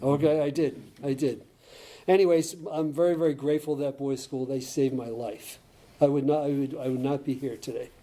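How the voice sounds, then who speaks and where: An older man from Connecticut telling his life story at a recovery meeting, rambling and halting with many restarts, chuckling at his own tales. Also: mid-range voice, fairly even intonation, warm tone. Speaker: AA speaker.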